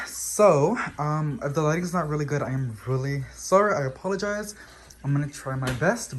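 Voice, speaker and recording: A mid-pitched vlogger walks through a home plant collection, gushing over each new leaf with lively exclamations. The casual, excited talk is captured on a handheld camera at home. A faint hiss sits under the voice. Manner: gushing and enthusiastic, frequent exclamations. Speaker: houseplant channel host. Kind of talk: casual plant tour vlog. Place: home living room with plants.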